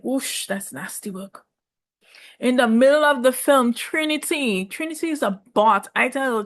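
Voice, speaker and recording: A woman's voice: a little high, a bit bright. A young woman giving sassy, emphatic commentary on a reality show, repeating words for effect. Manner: sassy, emphatic, drawn-out repetitions. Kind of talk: casual opinionated commentary.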